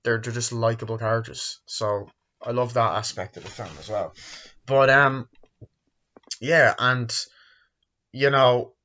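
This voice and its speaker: A man talks through a movie review in a loose, rambling way. He swears casually and keeps his voice at a middling pitch. The recording is slightly dull and lo-fi. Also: fairly even intonation, pushed and bright. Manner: rambling, profane, acts out scenes in quick put-on voices.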